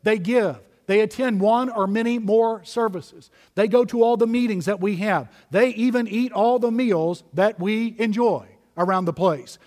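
A man's voice: high voice, a little slow, few pauses, in a large hall. A man preaching a sermon as pastor, emphatic and direct, calling his listeners beloved.

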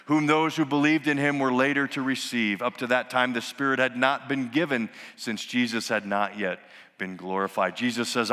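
Man preaching in a bright, booming hall. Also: steady tone, normal speed. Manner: dramatic, swinging from loud exclamations to hushed near-whispers. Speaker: pastor. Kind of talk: sermon. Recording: long hall reverb.

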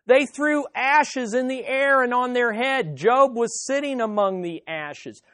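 A man preaching a sermon as pastor, speaking directly to the listeners and emphatically repeating his key phrases, swinging between loud and hushed. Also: very high-pitched, a little slow, no room sound, clean studio sound.

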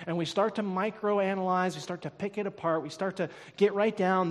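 Male preacher with a high voice, emphatic delivery that climbs to loud declarations, recorded in a reverberant church. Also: fairly even intonation, fairly quick, hardly any pauses. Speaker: pastor. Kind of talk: sermon. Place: church sanctuary. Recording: long reverb of a church hall.

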